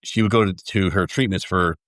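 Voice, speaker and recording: A man with a low, deep voice talks as a podcast guest, a retired police sergeant. He speaks haltingly and often restarts his sentences. His humor is dry and deadpan, and the recording is close and dry. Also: no echo. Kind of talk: casual podcast conversation.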